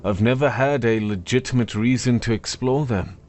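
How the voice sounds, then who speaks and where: A man's voice: mid-range voice, moderate pace, a little mellow, close to an everyday voice. A man narrating a fantasy story, voicing a mild, polite mapmaker in a plain voice. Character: mild, ordinary cartographer man, polite and dry.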